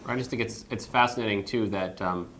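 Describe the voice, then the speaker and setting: A man's voice: lowish voice, a little fast, fairly bright tone, a little hiss or hum. A man chatting casually on a tech panel, talking in long, flowing sentences.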